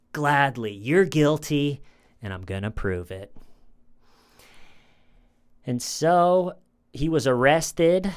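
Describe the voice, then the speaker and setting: A man runs a casual true crime commentary, chatting through a case and weighing in with his own opinions. His voice is smooth and clean, set at an ordinary male pitch. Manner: conversational, opinionated, acts out quotes.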